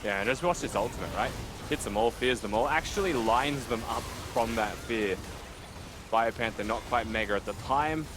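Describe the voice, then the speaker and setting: A man giving analytical color commentary on a live esports match, thoughtful and quick to laugh. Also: mid-range voice, music in the background.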